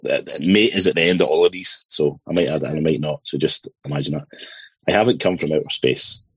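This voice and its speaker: A man speaks bluntly and deadpan on a casual panel chat. His voice is very low and husky. The sound is close and dry. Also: quick pace, dry recording, rough recording. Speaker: panelist running the quiz.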